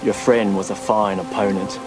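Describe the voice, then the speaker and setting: An actor with an Australian accent playing a formal, grave samurai general in a television clip. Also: male voice, lowish voice, flat delivery, natural voice. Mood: solemn. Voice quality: formal, slow and solemn. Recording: TV clip, distant voice, loud music.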